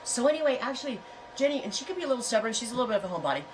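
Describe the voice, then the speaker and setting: A woman's voice: a little high, sing-song, racing, distant mic, noisy background. A middle-aged woman hosting a casual livestream chat, talking in a frank, rambling way and telling stories with animation. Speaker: host.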